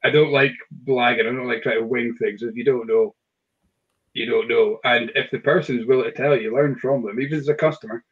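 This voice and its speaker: A man hosts a relaxed online whisky chat. His pitch sits mid-range, and he hesitates often with fillers and restarts. The sound is dull and lo-fi, like a video call. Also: brisk, slightly rough. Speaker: whisky shop host.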